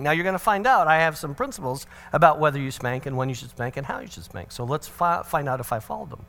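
A man's voice: on the high side, fast talker, few pauses. A middle-aged man giving a parenting talk, telling a family story with humor and acting out the voices of the people in it. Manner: animated, acts out family dialogue with swings of voice; humorous, sarcastic asides. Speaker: parenting seminar speaker.

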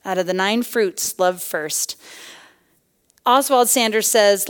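A middle-aged woman giving a personal testimony sermon to a women's church gathering, animated and punchy, swinging between loud bursts and hushed asides. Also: mid-range voice, slow, pauses often, clear, resonant tone. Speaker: guest speaker at a women's church tea.

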